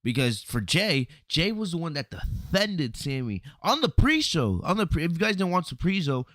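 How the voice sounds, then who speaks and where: A man hosting a podcast, recapping a wrestling event in a casual, animated storytelling way, often asking "right?" and acting out lines. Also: a little high, moderate pace, no room sound. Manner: animated storytelling, acts out quotes, frequent "right?" and "you know". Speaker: podcast host reviewing wrestling. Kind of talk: casual solo review commentary.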